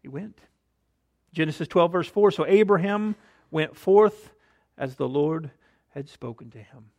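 High-voiced preaching pastor. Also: male voice, expressive, measured pace, darkish tone, highs cut off. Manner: dynamic preaching, rhetorical questions, drops to near-whisper for emphasis. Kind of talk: sermon.

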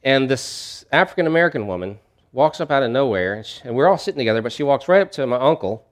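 A man's voice: medium pitch, animated, fast. A man preaching a sermon as a pastor, telling a story in a conversational way with frequent restarts.

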